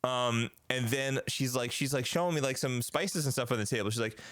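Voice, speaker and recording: A man's voice: mid-range voice, fairly quick, a bit bright, no room sound. A man in his forties hosting a casual podcast, telling stories with lots of fillers and restarts. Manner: rambling storyteller with many fillers. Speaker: podcast host.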